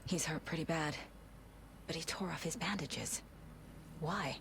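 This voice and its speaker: A woman voicing a worried investigator in a game, speaking quietly with concerned questions. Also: low voice, measured pace, creaky, slight background noise, exaggerated voice. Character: worried female investigator studying clues. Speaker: game character.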